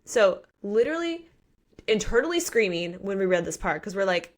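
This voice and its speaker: A woman's voice: mid-range voice, sing-song, moderate pace. A woman co-hosting a book podcast, recapping the plot in a chatty, slangy, playful way. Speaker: podcast co-host. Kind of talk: casual book recap chat.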